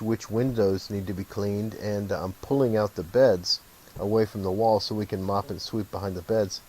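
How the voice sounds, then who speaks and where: A man, a former fire lieutenant, telling stories from the firehouse in a relaxed, reminiscing way with an occasional chuckle. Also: lowish voice, a little fast, low-quality recording. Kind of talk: casual spoken storytelling.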